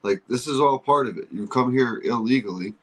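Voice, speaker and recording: Male guest, emphatic and repetitive, quick delivery. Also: mid-range voice, a bit bright, low-quality recording. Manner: emphatic, repeats his point. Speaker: podcast guest. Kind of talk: casual roundtable chat.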